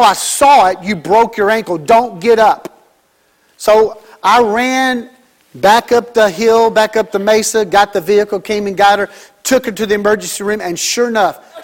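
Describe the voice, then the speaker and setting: A middle-aged male pastor preaching a sermon, swinging between loud emphatic lines and soft, drawn-out ones. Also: high voice.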